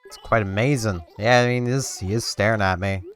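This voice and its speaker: A man's voice: lowish voice, fairly quick, a bit bright, soft background music. A man giving casual let's-play commentary, rambling and talking to himself and to the game as he plays. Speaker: gameplay commentator.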